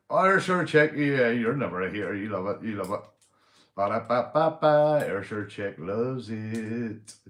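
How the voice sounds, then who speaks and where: A man's voice: mid-range voice, echoey room. Northern Irish man, rowdy livestream chatter. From Northern Ireland. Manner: swears freely, greets viewers; lively, loud shout-outs with laughs. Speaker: livestream host. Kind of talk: casual livestream chat. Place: indoors at home, drinking.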